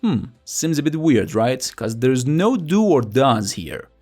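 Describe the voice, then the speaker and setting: A man's voice: mid-range voice, sing-song, takes it slowly, a little mellow, faint music behind. Playful young man teaching a lesson. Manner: playful, chatty, asks rhetorical questions. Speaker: language teacher. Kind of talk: scripted lesson narration.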